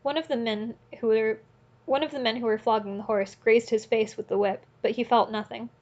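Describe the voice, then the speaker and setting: A woman narrating an audiobook in a steady, earnest reading voice, now and then correcting a slip. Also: a little high, a little fast, dull audio. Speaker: audiobook reader.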